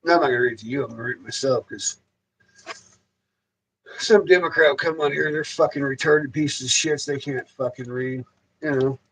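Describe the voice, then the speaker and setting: A man's voice: mid-range voice, a little fast, pauses often, a bit bright, breathy edge, poor audio. A man hosting a casual livestream, ranting loosely and rambling, with heavy swearing and frequent repeats. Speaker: livestream host.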